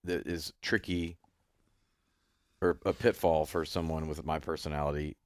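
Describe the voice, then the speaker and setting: A man's voice: rumbling low, fairly even intonation, moderate pace, no echo, clean studio sound. A man talking as a podcast guest, reflective and thoughtful about his marriage, with restarts. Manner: reflective, thoughtful, with restarts, speeds up when explaining. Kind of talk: casual conversation.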